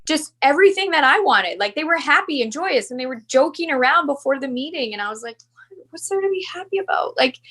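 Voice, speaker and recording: A woman's voice: high voice, a bit bright. A woman in her thirties, a podcast guest, talking earnestly and confessionally, with many "like" fillers. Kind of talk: candid personal interview.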